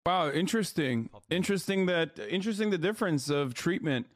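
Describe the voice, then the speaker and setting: A man's voice: fairly high pitch, expressive, brisk, heavy background noise. A man commenting on a live stream in a sarcastic, casual way, often swearing.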